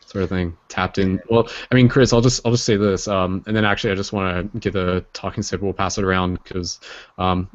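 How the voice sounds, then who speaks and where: A man's voice: low-pitched, level tone, fairly quick, no echo, highs cut off. A man hosting a casual group call, reassuring and easygoing.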